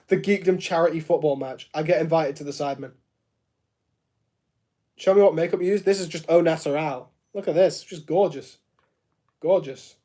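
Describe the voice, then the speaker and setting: A man's voice: on the high side, mellow. Chatty man on a live stream. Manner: chatty and joking, laughs often, many fillers like "like". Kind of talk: casual live-stream chat answering viewer comments. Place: home studio room.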